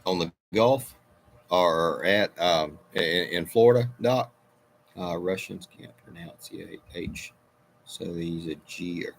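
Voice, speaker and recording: A middle-aged man hosts a casual livestream, reading viewer comments in a rambling, meandering way and interrupting himself with tangents. His deep, creaky voice moves slowly, with a little hiss or hum in the background.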